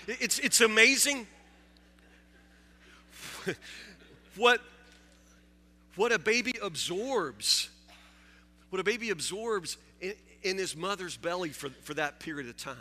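Bright-voiced preacher in a big hall. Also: male voice, high-pitched. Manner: halting, repeats words, jokes with the congregation. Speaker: pastor. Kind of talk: sermon. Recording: long hall reverb.

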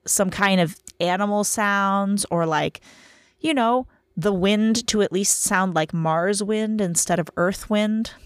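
A woman in her thirties talks through a casual podcast monologue in a lowish voice. She rambles and teases herself, sounding tired from a short night. The recording is dry and close, with no room sound. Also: no room sound. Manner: self-deprecating, chatty, rambling. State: tired from lack of sleep. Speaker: podcast host.

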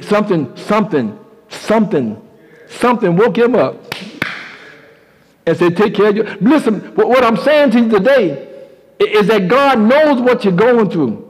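A man's voice: high voice, long reverb tail, low-quality recording. A man preaching a sermon and telling a story, emphatic and repeating key lines.

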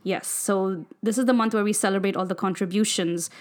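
A woman co-hosting a podcast in a relaxed, chatty way. Her voice sits mid-range for a woman. She moves between reading announcements aloud and frank, joking asides. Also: medium pitch, a little fast. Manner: chatty, reads notes aloud, candid. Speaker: podcast co-host. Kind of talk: casual chat. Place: home studio in Vancouver.

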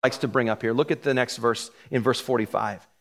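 A man's voice: mid-range voice, steady tone, fairly quick, fairly bright tone. A middle-aged man preaching a sermon from the pulpit in a casual, joking way. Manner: casual and joking, laughs between points. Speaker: pastor. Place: church sanctuary.

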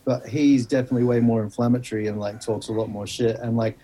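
A man's voice: medium pitch, fairly even intonation, fast talker, dark tone, breathy edge. Laid-back sweary man on a video call. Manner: laid-back, swears a lot, trails off with a laugh. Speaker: podcast guest. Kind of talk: casual chat over a video call.

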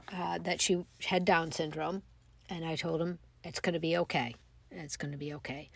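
A middle-aged woman with a fairly low voice, telling a personal story in a reflective, halting way. She pauses often and fills the gaps with small hesitations. The sound is dry and close, with almost no room echo. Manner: reflective, halting, with many fillers. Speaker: mother telling her story.

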